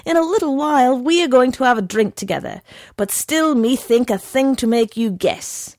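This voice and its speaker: A woman voicing an excitable, drunken male horse who speaks in broken English. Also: sits high, moderate pace, no room sound, studio quality, voice pushed up. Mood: excited.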